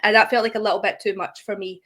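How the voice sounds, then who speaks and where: A woman's voice: medium pitch, little pitch movement, quick pace, fairly bright tone. A young woman, a guest creator in a casual interview, friendly and laughing often as she explains. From United Kingdom.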